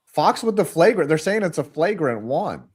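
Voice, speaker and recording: A man chats through a live basketball game as co-host, reacting to plays in a loose, blunt way. His voice swings widely in pitch, rising with excitement and dipping low. It is relaxed color commentary between friends. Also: moderate pace, slightly rough. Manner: animated, chatty, swearing, reacting to plays. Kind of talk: casual live reaction chat.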